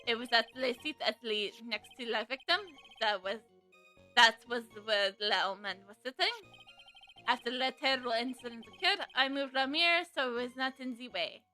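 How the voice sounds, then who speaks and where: A woman's voice: a little high, moderate pace, sharp tone, faint music behind. A woman voicing a smug male chef who sprinkles in fake French, theatrical and showy.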